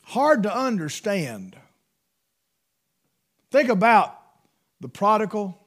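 A preacher man in the middle of his sermon, his voice pitched high for a man and leaping all over the place. He swings from loud, fervent bursts down to hushed asides. He sounds middle-aged. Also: big pitch swings, slow pace.

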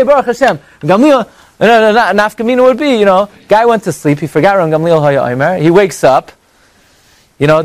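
A man with a high voice teaches an evening class to a live audience. He is animated and conversational, jumping between bright exclamations and quiet asides, and he keeps firing rhetorical questions. The sound is dry and close, with almost no room echo. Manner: quick rhetorical questions and mock dialogue.

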